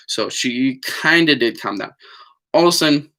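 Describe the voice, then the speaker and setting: Male vlogger, casual digressive storyteller, mid pitch, bright tense tone. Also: expressive, normal speed. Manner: chatty, digressive, many fillers and apologies. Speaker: vlogger on a live stream.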